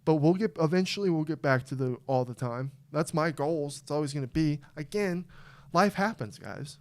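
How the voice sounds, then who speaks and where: A young man co-hosting a casual podcast chat, rambling and getting fired up in loud bursts before dropping back to low mutters. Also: moderate pace. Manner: excitable, swings from low mumble to loud outbursts. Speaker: podcast co-host.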